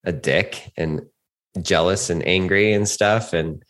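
A man in his forties rambles through a casual podcast chat in a somewhat low voice. He is reflective and laughs often, restarting his sentences as he goes. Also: slow, a bit bright. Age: 40s. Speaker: podcast co-host.

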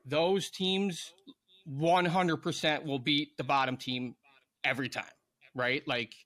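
A man's voice: fairly high pitch, steady tone, slow, a bit bright. A man in his thirties, a former pro hockey player, casually telling a rambling story on a podcast with lots of fillers and laughter.

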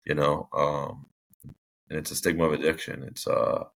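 A man's voice: a bass voice, level tone, moderate pace, creaky, a bit bright. A young man speaking as a podcast guest, telling his story in a casual, rambling way with many fillers and restarts. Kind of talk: candid personal storytelling.

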